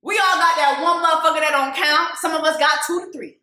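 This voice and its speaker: A woman giving loud, animated casual commentary on a song, laughing often and jumping between low asides and high exclamations. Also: fast, echoey room. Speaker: video host reacting to a song.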